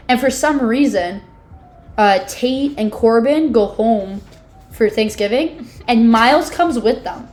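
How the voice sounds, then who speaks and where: Young woman, bright high voice, chatty and animated book-club co-host with faint music under her. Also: slow pace. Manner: chatty, peppered with "like", dramatic disgust reactions. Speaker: podcast co-host. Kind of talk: casual book club chat.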